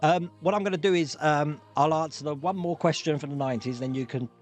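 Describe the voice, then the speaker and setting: A man hosting a live-streamed pub quiz, jokey and quick to laugh as he reads out multiple-choice options. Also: a little high, soft background music. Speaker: quiz host.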